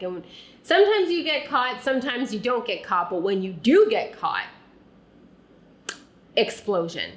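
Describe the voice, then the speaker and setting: Slow, earnest woman telling her own story. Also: fairly high pitch, sing-song. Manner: earnest, soft and unhurried, often dropping quiet. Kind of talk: reflective second-person personal narration.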